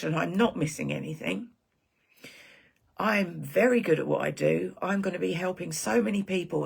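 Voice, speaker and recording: A woman's voice: fairly low pitch, gravelly, slightly rough. A woman hosting a live stream for her group, talking in a rambling, heartfelt casual chat.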